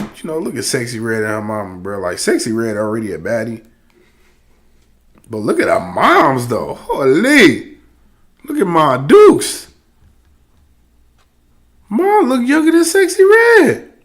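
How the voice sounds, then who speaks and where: Lively, slangy man reacting to clips. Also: a little high. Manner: slangy, laid-back, amused. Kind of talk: casual reaction commentary.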